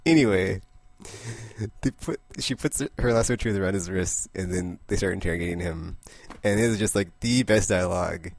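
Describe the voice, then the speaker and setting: A man casually recapping a comic book issue, rambling, laughing often and slipping into quick character voices. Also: sits low, vocal fry, no room sound. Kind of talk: casual comic review monologue.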